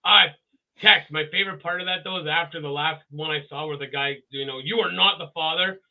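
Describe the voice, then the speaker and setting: A male podcast co-host telling stories in casual chat. He is animated, acts out quotes, and stammers through restarts. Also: fairly high pitch, a little fast. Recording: tinny phone-like audio.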